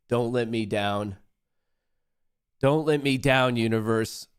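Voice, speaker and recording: A young adult man hosting a live trading stream, talking to chat in a profane, excitable, trash-talking way. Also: lowish voice, slow, pauses often, clear, resonant tone, no room sound, studio quality. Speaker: livestream trading host.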